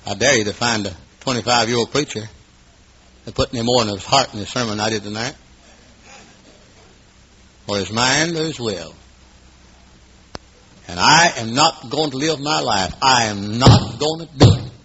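A man in his fifties preaching a sermon, dramatic, swinging between hushed asides and loud exclamations. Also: mid-range voice, moderate pace, long pauses. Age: 50s. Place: room at an evening gathering. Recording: dull lo-fi recording.

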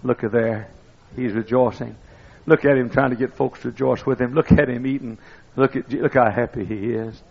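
An older man preaching a sermon, telling folksy stories that build up to excited shouting. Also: medium pitch, normal speed, gravelly, hardly any pauses, breathy edge. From East Texas. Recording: dull lo-fi recording.

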